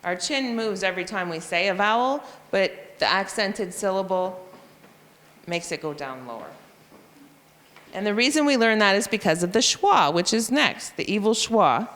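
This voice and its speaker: Reading teacher in an echoey hall. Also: female voice, medium pitch, expressive, moderate pace, fairly bright tone. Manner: explanatory, sounds out letters and spellings. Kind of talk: professional development talk to teachers. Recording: long hall reverb.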